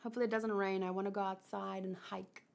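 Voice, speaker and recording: A woman's voice: medium pitch, flat delivery, fast, creaky. A young woman hosting a casual comic read-along, chatty and exclamatory with loose asides.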